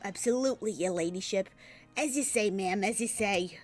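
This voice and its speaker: A woman voicing a gruff, swaggering male police inspector with a rough put-on British accent. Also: medium pitch, normal speed, soft background music, close to an everyday voice. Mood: fawning.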